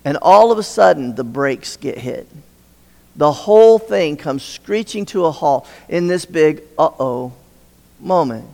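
A man's voice: fairly high pitch, vocal fry. A male pastor preaching a sermon, retelling a story and putting questions to the congregation. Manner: storytelling, asks the audience questions. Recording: long hall reverb.

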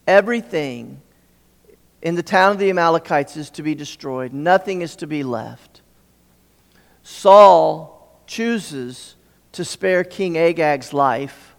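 A man's voice: high voice, creaky. A man preaching a sermon, retelling a story earnestly and often restarting his phrases. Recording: long hall reverb.

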